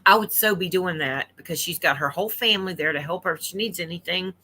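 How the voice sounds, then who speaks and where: A woman streaming from home late at night, her voice bright and forceful as she delivers an opinionated commentary rant. She is blunt and indignant, hammering her points by saying them twice. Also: fairly low pitch, fast talker. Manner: indignant, blunt, repeats herself for emphasis. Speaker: livestream commentator.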